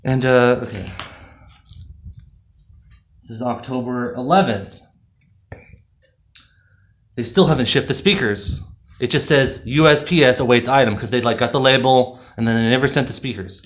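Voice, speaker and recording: A man's voice: medium pitch, unhurried, long pauses. A man reviewing a product in a casual, rambling, sarcastic rant full of fillers. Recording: roomy echo.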